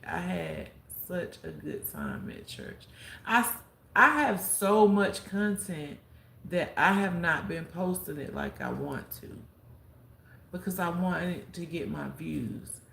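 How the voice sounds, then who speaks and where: A woman's voice: low-pitched, creaky, slight background noise. A woman telling a story on a live stream as a content creator, acting out what people said and giving heartfelt advice. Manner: animated storyteller who acts out quotes and gives heartfelt advice. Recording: roomy echo with faint background ambience.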